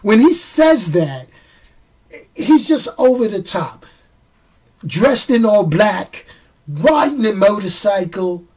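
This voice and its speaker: A man's voice: high voice, very animated, slow, pauses often, darkish tone. A man giving a casual, jokey movie review. He acts out the fight scenes with his own sound effects.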